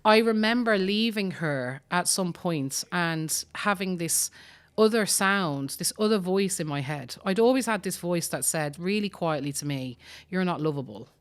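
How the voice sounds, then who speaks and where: A woman's voice: fairly low pitch, animated, normal speed. A middle-aged woman, a podcast guest and author, telling her life story earnestly and emphatically, swearing freely. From Ireland. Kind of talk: conversational storytelling.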